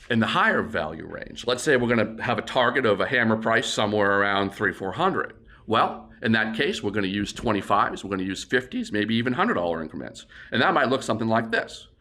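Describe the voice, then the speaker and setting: A middle-aged man, an auctioneer, explaining bid calling plainly and breaking into quick auction chants to demonstrate. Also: lowish voice, very animated, bright, forceful tone. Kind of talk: instructional demonstration.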